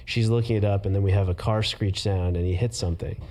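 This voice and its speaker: Comedy writer dude, low dark voice, acts stuff out while talking. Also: male voice, fast talker. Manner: animated, acts out bits while telling stories. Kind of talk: casual chat.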